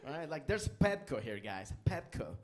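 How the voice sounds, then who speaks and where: A man's voice: fairly high pitch, unhurried. A man from Venezuela with a Venezuelan Spanish accent, Spanish his first language, performing a stand-up comedy set on a club stage and acting out characters. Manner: animated, acts out characters in put-on voices.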